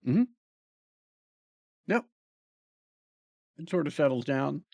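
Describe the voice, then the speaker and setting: A man narrating a tabletop role-playing game as game master, slow and hesitant with many pauses and fillers. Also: on the high side, lively intonation, gravelly, dark tone, no room sound, studio quality.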